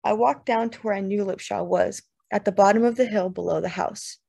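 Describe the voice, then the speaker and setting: A woman's voice: mid-range voice, gravelly, dark tone. Woman reading a literary novel aloud. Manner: measured, lyrical first-person narration. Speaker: audiobook narrator.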